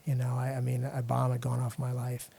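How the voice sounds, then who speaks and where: A middle-aged man from the United States, a podcast guest telling a personal story in a halting way, with frequent restarts and fillers. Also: mid-range voice, monotone, gravelly, warm tone, breathy edge. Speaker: podcast guest, international lawyer.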